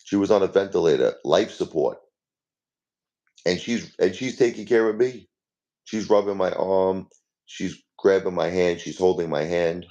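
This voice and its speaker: Grieving man with a very deep gravelly voice. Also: normal speed, mellow, lo-fi sound. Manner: repeats himself, talks straight to chat viewers by name. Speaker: livestream host. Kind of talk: casual live-stream talk to viewers.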